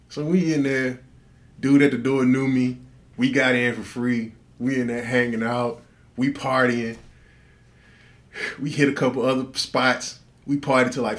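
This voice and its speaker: This podcast co-host has a mid-range, somewhat bright voice. He spins a story in loose, profane speech, frequently breaking into laughter and doing the voices of the people in it.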